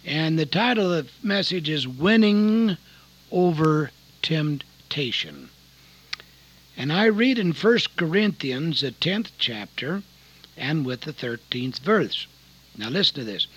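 Middle-aged male preacher, high voice, folksy and earnest, dull old recording. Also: expressive, slow pace, fairly bright tone, breathy edge. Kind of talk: sermon with personal testimony. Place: Seattle.

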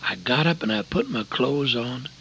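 Folksy older preacher telling stories. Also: male voice, mid-range voice, animated, normal speed, gravelly, a little hiss or hum, rough recording. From Oregon, USA. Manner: folksy, earnest storytelling with sudden loud emphasis. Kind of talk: sermon with storytelling.

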